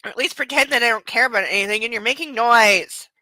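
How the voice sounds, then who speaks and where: A woman's voice: fairly high pitch, fast talker, sharp tone, no echo, pitched below the performer's own voice, poor audio. A woman voicing her grumpy male house cat who wants a nap, in a sulky, aloof grumble.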